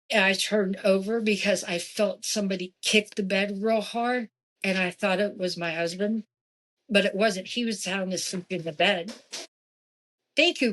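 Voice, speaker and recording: A woman guest on a podcast telling a personal story in a casual, animated way. She acts out quoted lines of dialogue and often breaks off into asides. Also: lowish voice. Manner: frequent asides and restarts.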